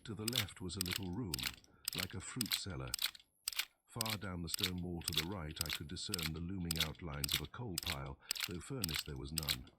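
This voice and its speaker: Deep-voiced man reading a pulp story. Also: moderate pace, very noisy. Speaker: narrator. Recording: keyboard typing in background.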